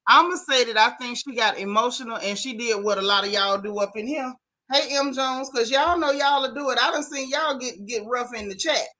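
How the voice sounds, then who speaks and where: A gossip stream host with a slightly high voice talks briskly, animatedly going through comments with her viewers in a casual live-stream chat. She calls her chat "y'all," "baby," and "honey."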